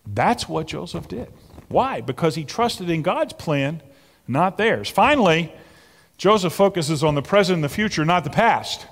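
A man preaching a sermon, moving between loud emphatic peaks and soft near-whispers. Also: fairly high pitch, animated, unhurried, long reverb tail. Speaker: pastor.

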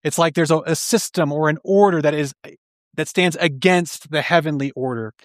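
A man preaching a sermon in an earnest, questioning way, explaining slowly and restarting phrases. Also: a little high, no room sound, studio quality. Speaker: pastor.

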